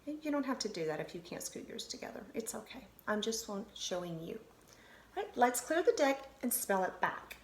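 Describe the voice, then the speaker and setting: Woman, elementary teacher, slow deliberate phonics delivery, animated intonation, roomy recording with faint hiss. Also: on the high side. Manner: slow, sounding out syllables and letters. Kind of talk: phonics lesson to children on video. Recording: roomy echo, faint noise.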